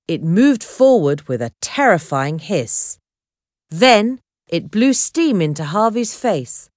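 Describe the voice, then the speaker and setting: Brief: woman narrator reading an adventure chapter, unhurried and expressive, dry close mic. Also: mid-range voice, no echo. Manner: clear, measured reading of a graded reader. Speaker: audiobook narrator. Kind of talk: scripted storybook narration.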